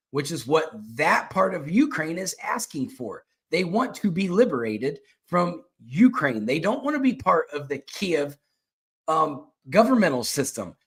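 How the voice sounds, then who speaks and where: A man hosts a political commentary show, speaking bluntly and with emphasis. His voice sits a little higher than most men's. He often stumbles into restarts and repeats his phrases as he argues. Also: fairly bright tone.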